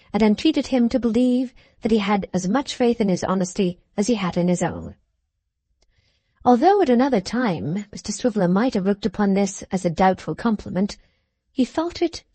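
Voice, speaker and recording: A woman reading a classic novel aloud as audiobook narration, measured and even. Her tone is mellow and soft, recorded close and dry with no room around it. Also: medium pitch, no room sound. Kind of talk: scripted narration.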